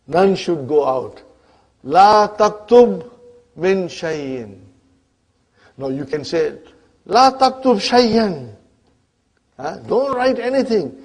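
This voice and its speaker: A man with a slightly high-pitched voice teaches Arabic grammar to a classroom of students. He mixes English with Arabic grammar terms and draws some of them out slowly. Every few phrases he stops to check in with the class, asking "huh?" and "are you with me?". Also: a little mellow, slightly rough.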